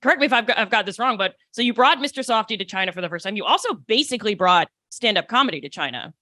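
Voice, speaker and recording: A woman's voice: mid-range voice, lively intonation, rapid-fire, sharp tone, dry recording, studio quality. A woman hosting a podcast interview in a playful, casual way. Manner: playful, laughs easily. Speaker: podcast host.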